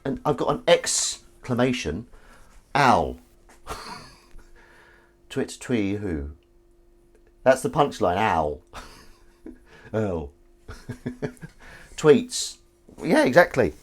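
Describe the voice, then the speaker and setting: A man's voice: medium pitch, big pitch swings, slow, pauses often. An English man hosting a casual livestream, reading viewers' messages aloud and joking in a playful, rambling way. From England. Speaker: livestream host reading chat. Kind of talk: casual chat while washing up. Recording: dish clatter and noise behind. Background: clattering dishes and cutlery.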